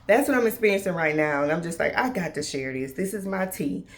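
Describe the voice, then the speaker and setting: Against a noisy background, a woman in her thirties hosts a faith-based podcast in a lowish, expressive voice, talking a little fast. She casually calls listeners y'all and acts out what God and others said.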